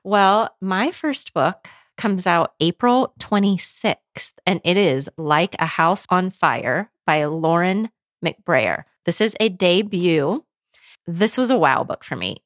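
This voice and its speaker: A woman's voice: fairly low pitch, expressive, slow pace, dry recording, studio quality. Enthusiastic woman co-host. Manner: enthusiastic, conversational. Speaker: podcast co-host. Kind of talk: casual chat.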